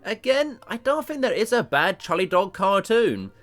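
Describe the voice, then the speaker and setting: A man narrating a cartoon review video with animated, self-deprecating jokes. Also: high-pitched, moderate pace, soft background music.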